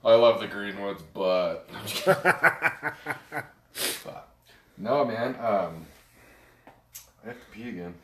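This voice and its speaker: A man appearing as a podcast guest in casual chat, effusive with praise and quick to joke around. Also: on the low side, animated, a bit bright, reverberant, a little hiss or hum. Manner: effusive, joking and playful.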